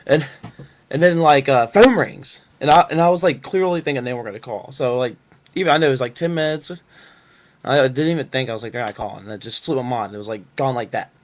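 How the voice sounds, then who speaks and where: Talking quickly in a mid-range voice, a young man from Northern Kentucky shares a casual story on his webcam vlog. He's relaxed and rambling, with his speech full of filler words.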